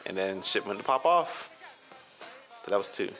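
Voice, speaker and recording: A man's voice: fairly low pitch, lively intonation, normal speed, a bit bright, soft background music. A man co-hosting a casual podcast, telling a rowdy bar story with lots of swearing and acted-out quotes. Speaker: podcast co-host.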